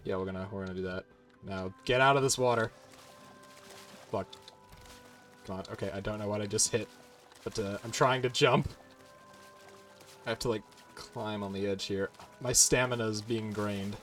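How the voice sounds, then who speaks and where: A man's voice: fairly low pitch, fairly even intonation, normal speed, pauses often, a bit bright, soft background music. A man giving casual gameplay commentary as host, chatty and laughing, swearing now and then as he plays. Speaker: gaming channel host.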